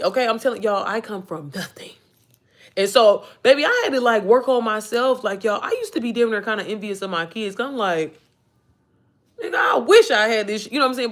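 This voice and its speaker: A woman in her thirties hosting a casual livestream, talking animatedly with lots of swearing and reading out viewer comments. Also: medium pitch. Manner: animated, profane, calls viewers "baby" and "y'all"; reads and answers viewer comments. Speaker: livestream host. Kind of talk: casual motivational livestream chat.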